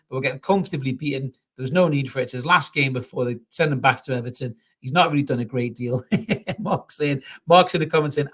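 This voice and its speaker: A man hosting a live football reaction show, talking bluntly and passionately, swearing freely and reading out viewer comments. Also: mid-range voice. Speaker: football fan channel host.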